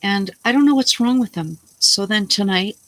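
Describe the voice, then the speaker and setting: A middle-aged woman talks to her camera about her day, rambling and indignant. Her voice is bright and tired, since she is unwell. She keeps slipping into her own quoted lines as she tells the story. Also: medium pitch, moderate pace, poor audio. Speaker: vlogger.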